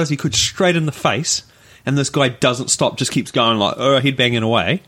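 A man, co-hosting a podcast in casual chat, telling stories in a rambling, animated way. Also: medium pitch, normal speed. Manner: rambling storyteller, animated retelling. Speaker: podcast co-host.

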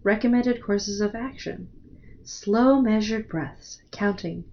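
A woman doing a soft feminine machine voice. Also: mid-range voice, slow pace, muffled recording, slight background noise.

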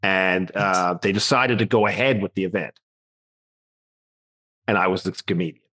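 A comedian guest from Newfoundland, Canada, tells an animated story in a casual chat, acting out the voices. His voice is low and slightly rough, at a normal pace.

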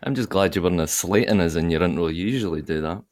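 A man's voice: deep voice, quick pace, a little mellow, no echo, studio quality. A Scottish man co-hosting a football podcast, joking, laughing often and calling his friend mate. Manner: jokey, laughs often, calls people mate. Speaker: podcast co-host. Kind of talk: casual football chat.

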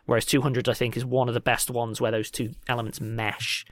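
A man co-hosting a casual podcast Q&A, animated and teasing, quick to laugh. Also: mid-range voice, no echo. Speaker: podcast co-host.

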